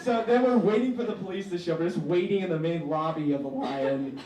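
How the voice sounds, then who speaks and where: A young man telling a story in a stand-up comedy set, animated and theatrical. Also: fairly high pitch, fast, recorded from a distance, very noisy. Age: young adult. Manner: animated, theatrical, shouting when quoting himself. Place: comedy stage in a room with a live audience. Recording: echoey room, mic from afar, audience laughter.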